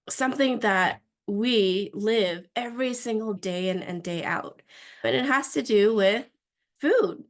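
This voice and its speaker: A woman co-hosting a casual podcast as practice manager, talking in an effusive, gushing way with frequent restarts. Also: mid-range voice.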